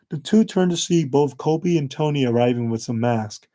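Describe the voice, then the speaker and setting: A man narrating a fan-made story in a plain, slightly halting reading voice. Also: mid-range voice, animated, dark tone.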